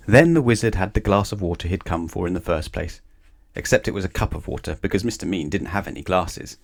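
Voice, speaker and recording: A man reading a children's bedtime story aloud in an expressive, animated way. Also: sits low, fast talker, gravelly. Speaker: storybook reader.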